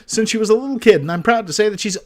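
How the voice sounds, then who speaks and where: A man's voice: high voice, racing, pitched above the performer's own voice, natural voice. A man voicing an earnest, overly competitive middle-aged dad, the player character of a video game.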